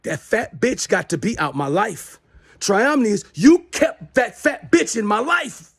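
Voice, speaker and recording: A man's voice: high voice, sing-song, unhurried, fairly bright tone, slightly rough. A middle-aged man delivering a heated, profane, repetitive rant into his smartphone as the host of his own show. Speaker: self-styled show host. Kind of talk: angry rant to camera.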